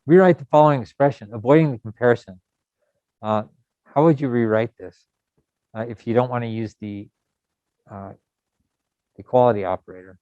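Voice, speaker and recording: A middle-aged man from the United States teaching a programming lesson in a relaxed, rambling way with many fillers. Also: medium pitch, moderate pace, long pauses, no room sound. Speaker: programming instructor. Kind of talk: recorded coding lecture. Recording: dull lo-fi sound.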